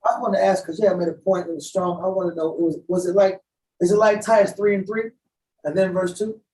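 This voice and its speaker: A woman's voice: on the low side, fairly even intonation, fast talker, mellow. Hesitant woman asking from across a room. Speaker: student. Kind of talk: asking a question in class. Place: classroom. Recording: distant, echoey, faint noise.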